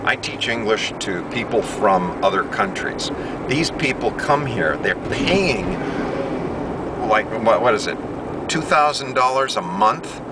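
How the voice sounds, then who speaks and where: An American man, an English teacher, earnestly pitching his ideas in a rambling monologue while sitting in a car, often correcting himself mid-sentence. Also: animated, measured pace. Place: inside a car on a city street. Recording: distant mic with loud road noise.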